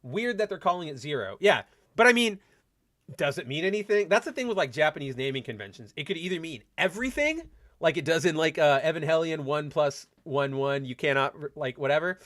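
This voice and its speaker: A man hosting a casual gaming livestream, reading viewer comments aloud and rambling excitedly with lots of stammered restarts and freely dropped swears. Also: fairly high pitch, fairly quick. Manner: excitable, fan-like. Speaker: podcast host.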